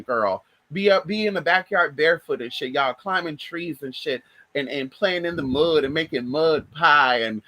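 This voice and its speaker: Chatting loosely with her audience, this adult vlogger shares stories, cursing without restraint and addressing them as "y'all" and "girl." She has a low, sharp-toned voice, captured in a dry, low-quality recording.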